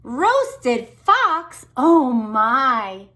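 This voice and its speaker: Woman doing a sly hungry fox, coaxing, smooth, lively pitch, storybook. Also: slow, heavily acted. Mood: alarmed.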